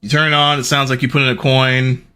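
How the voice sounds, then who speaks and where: A middle-aged man chatting casually on his stream, telling stories in an animated, rambling way. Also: quick pace, noisy background. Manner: animated, rambling storytelling with big pitch jumps and laughs.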